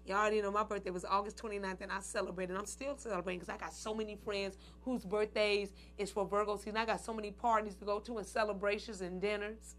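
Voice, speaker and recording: A woman's voice: medium pitch, steady tone, fast talker, few pauses, a bit bright, a little hiss or hum. A woman hosting her own show, chatting casually to her viewers, addressing them as "y'all" and "ladies" and laughing often. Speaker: show host.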